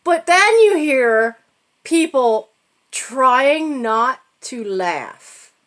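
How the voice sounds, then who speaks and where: A fairly high-pitched, middle-aged woman spins a comic anecdote to camera at an unhurried pace. Her voice swoops all over as she tells it, and she laughs along at her own story in a self-mocking way. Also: animated, a bit bright. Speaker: channel host.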